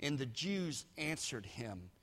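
A male pastor preaching a sermon, swinging from quiet asides to shouted peaks. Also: sing-song, takes it slowly, breathy edge. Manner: builds from low asides to shouted climaxes. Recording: long hall reverb.

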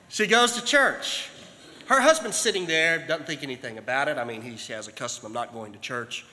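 A male pastor preaching a sermon, telling a story that builds toward fervent, shouted calls from the pulpit. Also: a little high. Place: church sanctuary. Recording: long hall reverb.

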